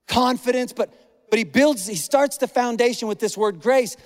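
A pastor preaching a conversational, animated sermon, acting out the voices he quotes. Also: high voice, normal speed, big-room sound.

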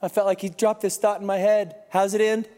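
A man with a high-pitched voice gives a sermon in a conversational, storytelling way. He sounds congested, and the long reverb of a large hall trails after each phrase. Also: little pitch movement, a little fast, a little mellow. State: congested from crying. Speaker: pastor.

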